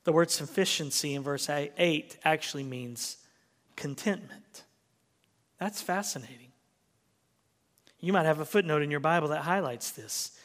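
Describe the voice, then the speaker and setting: A man's voice: a little high, unhurried, long pauses, fairly bright tone, long reverb tail. A man preaching a sermon as pastor, emphatic and full of rhetorical questions, in a church sanctuary.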